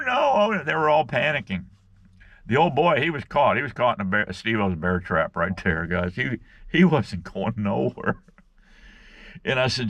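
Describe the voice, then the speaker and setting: A man's voice: on the low side, vocal fry, fairly bright tone, no echo. A man vlogging from his fishing spot on a bank outdoors, telling a rambling folksy story and calling his viewers "guys". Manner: folksy, rambling, keeps saying "guys" and "right".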